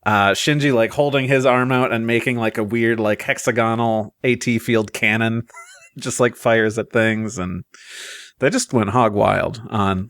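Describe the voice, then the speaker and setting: A man co-hosting a podcast, chatty and loose, with lots of "like" and quick asides. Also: fairly low pitch, steady tone, fairly bright tone, dry recording. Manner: chatty, laughing asides, filler "like". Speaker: podcast co-host. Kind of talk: casual podcast chat.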